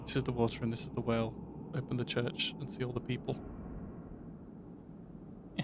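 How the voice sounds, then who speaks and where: A man streaming a video game from his flat, making puns and chatting with viewers. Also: medium pitch, normal speed, long pauses, background noise. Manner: jokey, punning, chatty with viewers. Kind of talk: live gameplay commentary. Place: home flat. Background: music.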